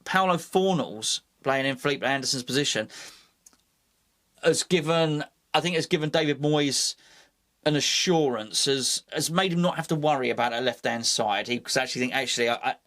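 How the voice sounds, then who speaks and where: A man's voice: mid-range voice, normal speed, fairly bright tone. A man hosting a fan channel, talking casually and at length about his club, rambling with fillers, restarts and jokes at his own expense. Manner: rambling, self-mocking, many fillers and restarts. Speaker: football fan channel host. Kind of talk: casual solo commentary.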